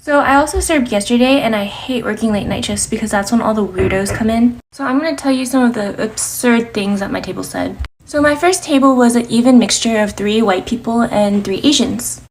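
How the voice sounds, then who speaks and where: A woman's voice: a little high, brisk, hardly any pauses, slight background noise. A woman who works as a server, chatting in a gossipy way during a get-ready-with-me vlog. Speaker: restaurant server.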